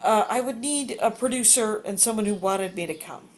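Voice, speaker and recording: A woman comedian in her fifties, appearing as a guest, chats casually from home at a normal pace in a mid-range voice. She rambles and puts herself down, using lots of filler words.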